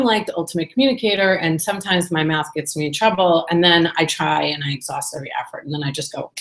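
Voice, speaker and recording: A woman's voice: on the low side, a bit bright, reverberant. A woman talking candidly to the camera in a casual personal vlog, rambling and chatty with lots of fillers. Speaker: vlogger.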